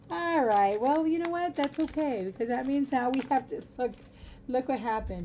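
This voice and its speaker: Middle-aged woman, craft stream host, mellow and chatty, giggles between rambling asides, faint room noise. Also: high voice, slow, pauses often. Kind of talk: casual chat while crafting.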